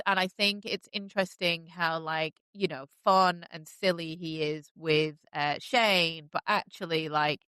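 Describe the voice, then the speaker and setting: A chatty woman, talking loosely through a recap full of fillers and sudden gushing. Her voice is bright and crisp, close and dry on the mic, a little low for a woman. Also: dry recording. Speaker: podcast host recapping a TV series. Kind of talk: casual recap chat.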